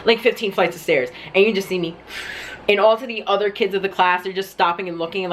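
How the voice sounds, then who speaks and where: With slight background noise behind him, a young vlogger spins a dramatic story-time, profane throughout and saying "like" constantly. His voice is high-pitched and fairly bright, a little fast, with fairly even intonation.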